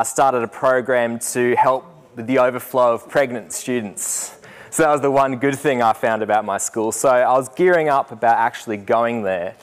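A young man, a student teacher telling a lively story to a group and laughing as he goes. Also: mid-range voice. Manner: animated, laughing, acts out voices in anecdotes. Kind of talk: storytelling talk.

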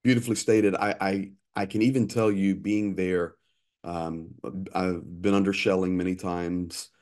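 A man in his fifties, an interview guest telling lively anecdotes with frequent restarts. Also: sits low, measured pace. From United States. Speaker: interview guest, aid worker. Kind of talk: conversational storytelling.

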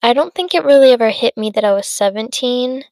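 A woman's voice: a little high, expressive, a little fast, darkish tone, no room sound. Rambling eighteen-year-old woman podcaster. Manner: rambling, lots of fillers and self-interruptions. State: tired, yawning. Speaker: podcast host. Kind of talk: casual solo podcast chat.

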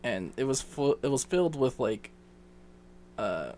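A young man co-hosting a casual podcast, telling a story with lots of swearing and high squeaky jumps when he quotes people. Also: a little slow. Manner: swearing, animated, leaps to a squeaky pitch when quoting others. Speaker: podcast co-host.

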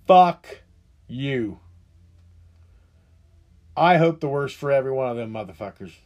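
A man's voice: mid-range voice, animated, rapid-fire, darkish tone, dull audio. A middle-aged man hosting a podcast, ranting angrily with heavy profanity, frequent restarts and a frustrated, rambling delivery. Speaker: podcast host. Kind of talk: angry political rant.

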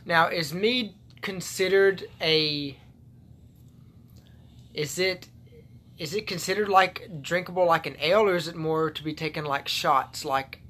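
Joking man with a slightly high voice. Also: unhurried, bright, forceful tone. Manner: joking, curious, swears casually. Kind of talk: casual chat.

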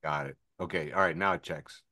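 A man's voice: rumbling low, fairly even intonation, fairly quick, pushed and bright. A man co-hosting a casual podcast, tossing in dry, wisecracking asides. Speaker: podcast co-host. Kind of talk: casual chat.

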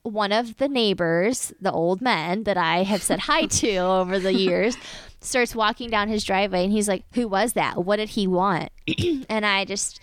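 A woman telling a personal story in a casual chat, animated and acting out what other people said. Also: mid-range voice, measured pace, smooth, no room sound. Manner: animated, acts out the quoted voices of others.

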